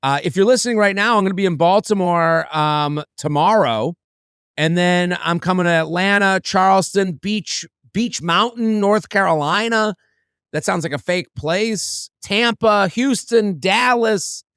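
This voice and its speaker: A man co-hosting a podcast, telling a funny story in a casual, animated way and acting out other people's lines. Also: high voice, a little slow, smooth, no room sound, clean studio sound. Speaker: podcast co-host and comedian.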